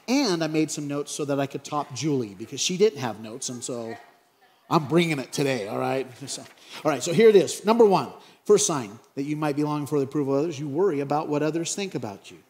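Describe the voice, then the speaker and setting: Male pastor, sermon, slightly high voice, playful and chatty, big echoey hall. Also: animated, fairly quick, darkish tone. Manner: playful, acts out little scenes in funny voices. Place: large church hall.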